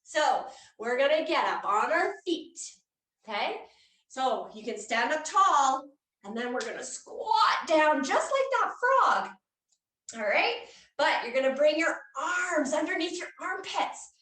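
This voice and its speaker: A woman's voice: high voice, sing-song, measured pace, pushed and bright. A woman leading a guided children's yoga class, speaking in a playful, coaxing way and making animal sounds. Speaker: kids yoga instructor. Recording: echoey room, mic far off.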